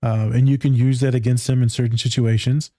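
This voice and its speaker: A man co-hosting a casual podcast, telling animated stories and swearing freely. His voice is dark and mellow, recorded close and dry with no room sound. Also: medium pitch, fairly quick, no room sound. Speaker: podcast co-host, therapist. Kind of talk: casual chat.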